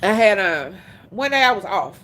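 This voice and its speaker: A woman hosting a livestream, telling stories in a casual, animated way, laughing often and speaking bluntly. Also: mid-range voice, normal speed. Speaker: livestream host.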